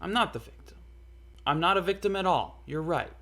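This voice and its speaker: A young man telling a personal story in a casual, earnest way, halting often with fillers and restarts. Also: high-pitched, lively intonation, bright, forceful tone. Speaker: storyteller vlogger.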